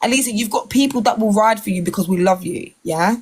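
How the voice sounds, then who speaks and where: A woman's voice: mid-range voice, fairly quick, a little mellow, husky. A woman speaking emphatically on a live stream, defending a friend and swearing as she builds her point. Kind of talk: impassioned live chat.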